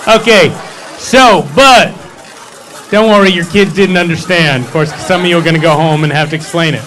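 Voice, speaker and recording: A man's voice: fairly high pitch, moderate pace, a bit bright, some chatter behind, poor audio. A man leading a service, telling a holiday story with humor and playful asides in a sanctuary. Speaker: service leader.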